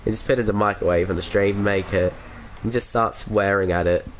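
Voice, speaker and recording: A man's voice: on the low side, fairly even intonation, a little fast, slight background noise. An Australian man chatting casually with viewers on a game stream through a headset mic, laid-back and chuckly, calling everyone mate.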